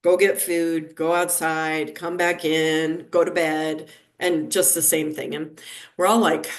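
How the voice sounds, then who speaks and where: A woman's voice: deep voice, slow. A woman in her fifties, a neonatal nurse practitioner, telling a story in a conversational interview and acting out the dialogue of the people in it. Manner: lively anecdotal telling, acting out quoted dialogue.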